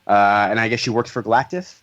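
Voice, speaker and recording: A man's voice: lowish voice, steady tone, quick pace, a bit bright. Joking man recapping a comic, dull audio. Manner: joking, summarizes plots with playful voiced quotes. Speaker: podcast host. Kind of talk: casual comics podcast chat.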